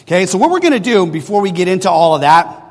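A man's voice: high voice, sing-song, quick pace. A middle-aged man preaching a sermon, telling a personal story in a conversational way and often checking in with the listeners. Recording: long hall reverb.

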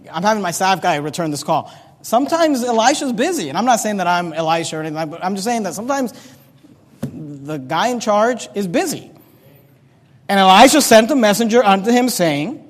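Very high-voiced preacher in an echoing church. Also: male voice. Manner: conversational preaching with humorous asides. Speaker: pastor. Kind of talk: sermon. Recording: long echoey church reverb.

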